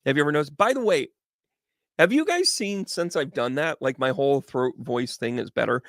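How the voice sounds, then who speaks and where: A man doing casual live tarot readings as a medium, chatty and animated, greeting viewers by name. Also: a little high, a little fast, no echo, studio quality.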